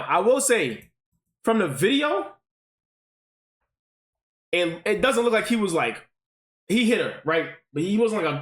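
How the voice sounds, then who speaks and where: A high-pitched man gives animated commentary to his stream chat. His voice swings up and down, and he keeps tossing in "right?" and curses. A roomy echo hangs around him. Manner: animated, keeps checking in with 'right?', swears freely.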